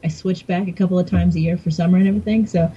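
A woman's voice: lowish voice, fairly even intonation, rapid-fire, mellow, slightly rough. Dry-humored woman, muffled mic. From Virginia and New York. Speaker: podcast guest. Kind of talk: casual podcast chat.

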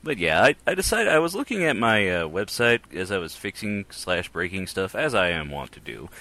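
A man's voice: sits low, very animated, fairly quick, sharp tone, poor audio. A man hosting a casual podcast on a headset mic, rambling and joking at his own expense. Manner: rambling, self-mocking, laughs often. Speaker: podcast host.

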